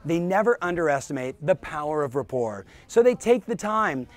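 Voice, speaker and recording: High, animated man coaching. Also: normal speed. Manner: energetic, emphatic, speaks directly to the viewer. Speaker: real estate business coach and show host. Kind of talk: motivational coaching talk to camera.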